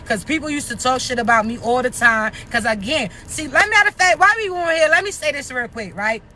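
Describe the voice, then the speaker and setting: Raspy, high-voiced Maryland woman. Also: lively intonation, fairly quick, bright, forceful tone. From Maryland, United States. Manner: blunt, profane, streetwise, keeps asking "you understand me?". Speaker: motivational social media creator. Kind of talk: casual motivational talk to camera.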